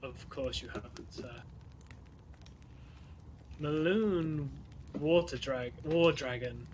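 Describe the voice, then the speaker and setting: A man's voice: fairly high pitch, slow pace, a little hiss or hum, low-quality recording. A man voicing a boastful, hard-drinking female orc brawler with a teasing manner in a tabletop game. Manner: swaggering, teasing.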